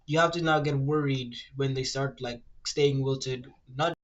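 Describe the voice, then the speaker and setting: A man's voice: steady tone, lo-fi sound. Ranting, rambling male streamer. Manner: rambling, ranty, swears freely, fillers like "low-key" and "like"; reads web search results aloud in a rushed mumble. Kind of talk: casual livestream chat while drawing.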